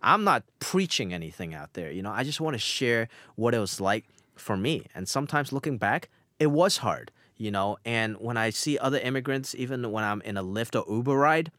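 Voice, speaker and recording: A man's voice: mid-range voice, animated, moderate pace, fairly bright tone, no echo, clean studio sound. A young man, an immigrant actor and author, answering interview questions earnestly with frequent fillers. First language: immigrant, grew up outside America.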